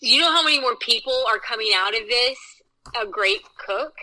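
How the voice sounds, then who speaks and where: Bubbly bright-voiced woman chef. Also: fairly high pitch, lively intonation, moderate pace, poor audio. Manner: bubbly, laughs often, trailing restarts. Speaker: chef guest. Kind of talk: casual interview chat.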